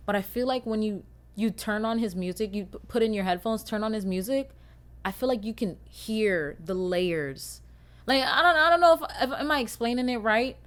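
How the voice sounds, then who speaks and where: A young woman hosting a casual solo podcast, swearing freely and swinging from loud rants to quiet mumbles. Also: medium pitch. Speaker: podcast host.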